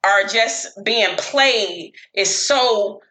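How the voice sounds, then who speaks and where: A woman telling dating stories in casual chat, profane and animated. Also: mid-range voice, extremely slow, echoey room.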